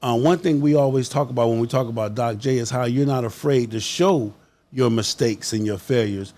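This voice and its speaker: A man's voice: mid-range voice, a little fast, mellow. A man hosting a casual interview, laid-back and playful, saying "yeah" often while he listens. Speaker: interview host.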